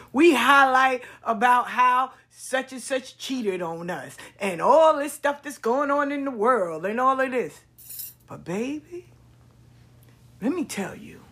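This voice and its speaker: A woman hosting a podcast, telling stories in a casual monologue, expressive and repetitive, swearing freely. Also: on the high side, slightly rough. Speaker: podcast host.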